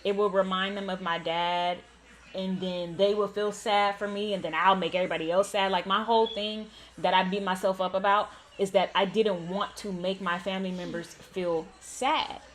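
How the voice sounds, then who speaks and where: A woman's voice: mid-range voice, fairly even intonation, moderate pace, slight background noise. A young woman, host of a gaming channel, telling a painful personal story candidly, with many "like" fillers.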